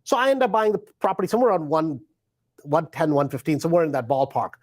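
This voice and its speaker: A man's voice: fairly high pitch, big pitch swings, fast talker. A middle-aged man, a real estate investor, telling a story in a live stream and animatedly acting out both sides of a conversation.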